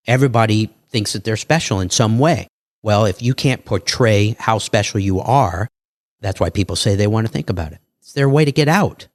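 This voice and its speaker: Animated salesman-style male guest. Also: on the low side, dry recording, clean studio sound. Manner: animated salesman patter, acts out dialogue. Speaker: podcast guest, entrepreneur. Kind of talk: casual interview talk.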